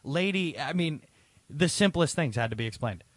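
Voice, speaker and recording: A man's voice: fairly high pitch, expressive, moderate pace, no echo. Profane, exasperated man telling a story. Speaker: co-host. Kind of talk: casual podcast chat.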